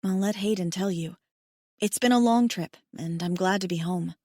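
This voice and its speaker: Casting: exhausted young mom, read by a woman, soft and low-key. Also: moderate pace, dry recording, natural voice. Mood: weary. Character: tired young mother, gentle and weary. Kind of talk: audiobook character voice.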